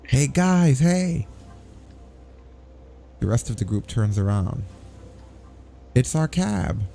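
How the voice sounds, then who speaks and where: A man voicing a drunk male superhero in a pink suit, loud and excitable. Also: on the low side, a little slow, vocal fry, faint music behind. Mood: excited.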